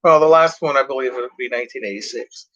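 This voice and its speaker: A man's voice: medium pitch, quick pace, a bit bright, dull audio, slight background noise. A tired, yawning man rambling casually as he reads out track lists from his cassette tapes. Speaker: music collector reviewing cassette tapes.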